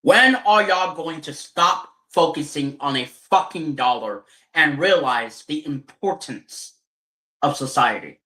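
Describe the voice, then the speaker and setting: Heated ranting streamer, bright roomy voice. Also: medium pitch, lively intonation, slow. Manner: heated, profane, repeats rhetorical questions. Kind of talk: angry political rant. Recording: roomy echo.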